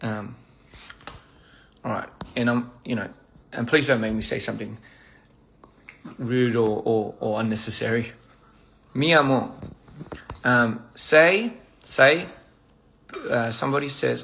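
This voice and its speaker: A man's voice: medium pitch, slow pace, gravelly, long pauses, a bit bright, a little hiss or hum. A young man on a casual phone livestream, playfully stumbling over foreign phrases while he eats. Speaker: livestream host. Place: indoors at a meal.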